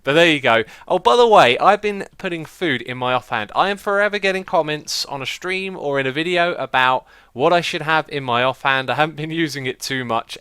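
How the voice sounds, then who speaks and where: Bright, chatty man narrating his gameplay. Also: on the high side, clean tone, no echo. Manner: chatty, upbeat, laughs often, talks to his horses. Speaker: Minecraft video host. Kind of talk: casual gameplay commentary.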